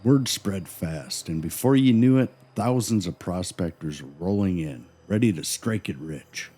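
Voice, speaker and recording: A man's voice: low-pitched, lively intonation, measured pace, breathy edge. A man co-hosting a podcast, cracking goofy jokes and wisecracks during the story. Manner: goofy, wisecracking, with loud joke yells. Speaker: podcast co-host. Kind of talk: scripted podcast banter.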